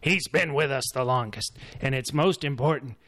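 A man's voice: medium pitch, normal speed, a bit bright, a little hiss or hum, voice pushed down, natural voice. A man voicing a flustered, forgetful old scholar who hunts vampires, with an exasperated, mock-dramatic manner.

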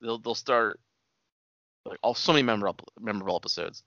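A man's voice: lowish voice, quick pace, bright, forceful tone, no room sound, muffled recording. A man co-hosting a podcast, talking about TV shows in a laid-back, casual way with easy swearing. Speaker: podcast co-host.

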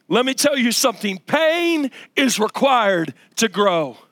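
A pastor in his thirties preaching a sermon, his voice pitched high for a man. He swings from low, drawn-out phrases to shouted peaks. The sound is close and dry. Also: dry recording. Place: church ballroom.

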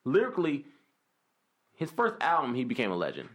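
A man in casual podcast chat, animated and quick to rap lyrics aloud. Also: mid-range voice. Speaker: podcast co-host.

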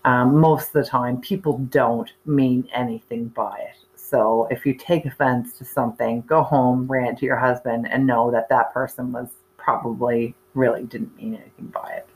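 A woman's voice: rumbling low, steady tone, moderate pace, few pauses, slight background noise, rough recording. A woman, in her thirties or forties, candidly telling a personal story in a chatty way with many fillers and restarts. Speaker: speaker sharing her cancer story.

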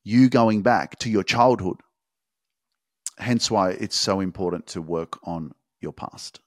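A man hosting a podcast, giving an intense, profane motivational monologue with emphatic, drawn-out phrasing. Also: sits low, dry recording, studio quality. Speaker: podcast host.

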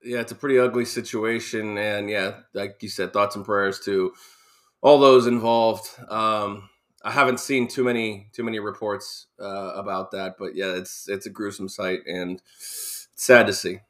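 A man co-hosting a morning sports talk show, relaxed and a bit hesitant, with frequent pauses and "uh". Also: lowish voice. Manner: easygoing, hesitant. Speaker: co-host.

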